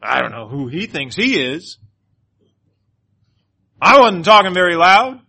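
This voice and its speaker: Belligerent loud woman, shrill and sharp, put on by a man. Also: sing-song, a little slow, creaky, heavily acted. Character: agitated, belligerent young woman shouting at everyone.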